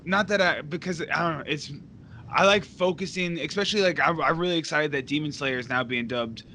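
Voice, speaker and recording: A man's voice: on the high side, a little fast, bright, forceful tone, a little hiss or hum. A man hosting a casual podcast chat, rambling with lots of fillers and laughing often. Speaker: podcast host.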